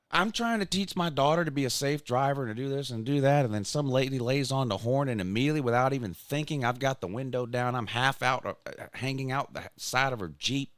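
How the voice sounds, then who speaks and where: A man, hosting a casual chat and telling a story in a self-mocking way, sometimes loud and sometimes mumbling. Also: mid-range voice, normal speed, dry recording. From Georgia, US. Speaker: podcast host.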